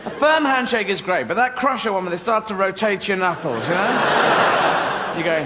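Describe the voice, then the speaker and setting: A man's voice: high-pitched, animated, moderate pace, a loud crowd. An English man doing live stand-up comedy on stage, rambling animatedly and jumping in and out of voices. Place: theatre stage, live audience. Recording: echoey hall, noisy live room.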